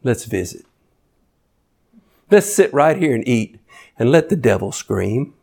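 Preacher guy doing god as a warm host, coaxing you to eat, homely. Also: medium pitch, sing-song, unhurried, gravelly, exaggerated voice. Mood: inviting.

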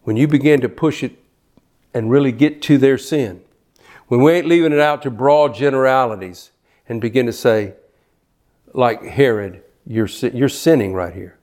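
A man's voice: mid-range voice, moderate pace, long pauses, a little mellow. An older man preaching a sermon, fervent, often repeating words as he builds to a point. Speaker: pastor.

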